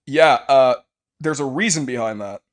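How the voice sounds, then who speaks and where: A man's voice: medium pitch, moderate pace. A man streaming a visual novel, reading its narration aloud and cracking crude jokes with a friend. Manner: profane, jokey, reads narration aloud. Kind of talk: casual let's play, reading game text aloud.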